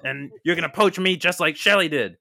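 A man's voice: fairly high pitch, a little fast, vocal fry, pushed and bright, no room sound, clean studio sound, voice pushed up. A man voicing Timon, a whiny, fearful male cartoon meerkat, in a comedy bit. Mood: aggrieved. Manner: whiny and aggrieved.

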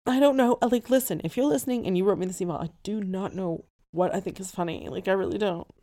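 Giggly woman podcast host with a creaky voice. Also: mid-range voice, fast talker, dark tone. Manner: giggly, keeps breaking into laughter while reading. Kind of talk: casual podcast chat, reading listener emails.

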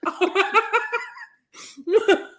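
High, bright, laughing young woman. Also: very slow. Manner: animated, laughing, acts out quotes. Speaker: podcast co-host. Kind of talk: casual film discussion.

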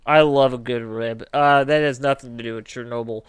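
A man's voice: mid-range voice, fairly even intonation, brisk, clear, resonant tone, no room sound. A man co-hosting a podcast in casual, joking chat, swearing freely and drifting into tangents. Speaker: podcast co-host.

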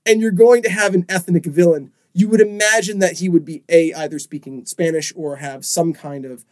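A young man co-hosts a casual podcast chat. His voice sits a little higher than most men's. His remarks come out wry and dry, with a sarcastic edge. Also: moderate pace, a little mellow. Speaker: podcast co-host.

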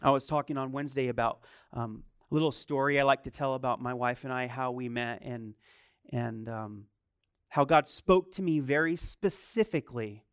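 A young man preaching a sermon, telling a personal story quietly and then building to loud, high-pitched preaching. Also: moderate pace, clear, resonant tone, no room sound, clean studio sound. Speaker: pastor.

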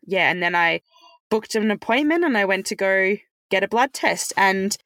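A woman chats through a personal story as a podcast guest, loose and full of "like" and "um". Her voice has a gravelly, creaky edge. The recording is dry and close. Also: mid-range voice, expressive, moderate pace, a bit bright, no room sound. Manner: chatty, many fillers like "like" and "um". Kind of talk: casual conversational storytelling.

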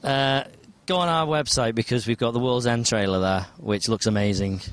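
A man's voice: medium pitch, normal speed. A man hosting a casual podcast chat, rambling and enthusiastic as he steers the talk. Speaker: podcast host.

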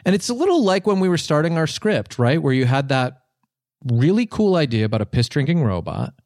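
A man's voice: a little fast, no echo, studio quality. Rambling, earnest man improvising comedy. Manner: earnest, rambling, pitch jumping up when excited. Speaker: comedy podcast host playing a songwriting teacher.

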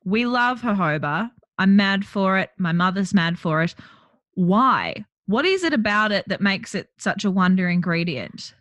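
A woman's voice: medium pitch, measured pace, dry recording. Woman host, enthusiastic interviewer, conversational, dry close sound. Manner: enthusiastic, expressive reactions.

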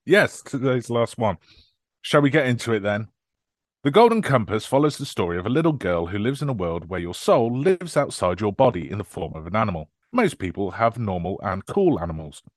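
A man's voice: lowish voice, sing-song, brisk, no room sound, clean studio sound. A man hosting a casual podcast chat, joking in a wry way. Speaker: podcast host.

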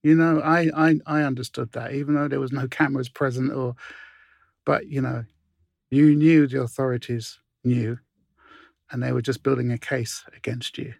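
British man in his 60s, interview guest, gravelly and husky, dry close sound, relaxed storyteller. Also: medium pitch, normal speed, dry recording. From Britain. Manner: relaxed anecdotal, restarts and asides.

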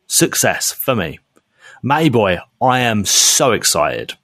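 A man co-hosting a podcast in casual chat, animated and laughing often. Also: on the low side, slow pace, a little hiss or hum. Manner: animated, laughs often, drifts into silly voices. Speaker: podcast co-host.

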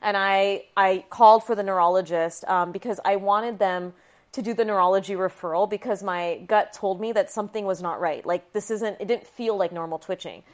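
A woman doctor in her thirties shares a personal story in an interview. She speaks candidly and emotionally, often breaking off and restarting her sentences, and swears now and then. Her voice sits at a middling pitch for a woman. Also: normal speed. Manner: frank and emotional, with frequent restarts and some profanity. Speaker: physician guest sharing her story.

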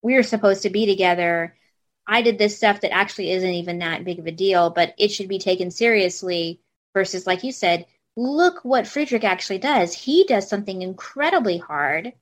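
A woman hosting a casual book discussion, talking in an animated way, thinking aloud and laughing easily. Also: medium pitch, normal speed. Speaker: podcast host.

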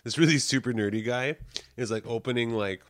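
A man's voice: brisk, no room sound. A man chatting casually as a podcast co-host, telling stories and acting out the people in them. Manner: animated storyteller, acts out quotes in high voices. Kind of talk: casual chat.

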